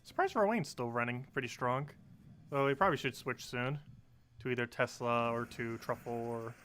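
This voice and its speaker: A man in his twenties from New Jersey, talking fast and casually as he streams a game. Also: mid-range voice, a bit bright. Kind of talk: casual live-stream commentary.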